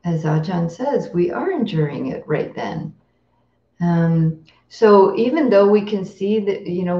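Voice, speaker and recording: Slow reflective woman giving a dharma talk. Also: on the low side, mellow. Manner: slow, reflective, pausing with fillers and throat-clearing. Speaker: meditation teacher. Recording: roomy, distant, dull lo-fi recording.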